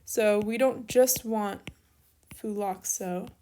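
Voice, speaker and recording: A woman's voice: mid-range voice, fairly even intonation, takes it slowly, warm tone, slight background noise. A young woman giving a recorded grammar lesson, explaining each step patiently while she writes out examples. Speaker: teacher.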